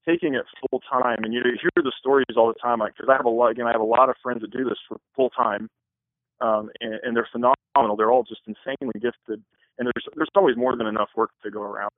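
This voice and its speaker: A man's voice: medium pitch, dry recording. A man on a thin, phone-like line, talking in an earnest, rambling way. He answers interview questions casually as a wedding photographer. The sound is dry and close, with no room around it.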